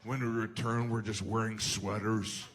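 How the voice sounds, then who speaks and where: A man's voice: lowish voice, level tone, moderate pace, a crowd in the background. A man doing a wry, observational stand-up comedy routine.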